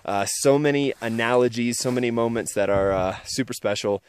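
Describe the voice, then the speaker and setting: A man telling an emotional story outdoors on a mountain summit, earnest and halting, often repeating himself. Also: medium pitch, smooth. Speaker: vlogger.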